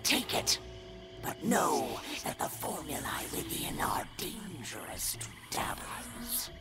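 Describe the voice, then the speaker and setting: Game undead spirit, gravelly, whispery, very slow, lively ominous swoops, bitter. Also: mid-range voice, loud music behind the voice. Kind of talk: video game character dialogue.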